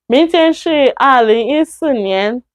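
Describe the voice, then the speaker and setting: A woman with a Nigerian accent teaches a beginner Chinese lesson on a live stream, her voice sitting a little high. She explains patiently, slows down to repeat each example sentence, and now and then acts out both sides of a short exchange. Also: lively intonation.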